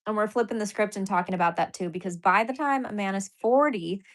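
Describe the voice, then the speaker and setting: A woman's voice: medium pitch, fast. A woman hosting a casual live stream, chatting loosely with viewers, reading their comments aloud and laughing often. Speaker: livestream host.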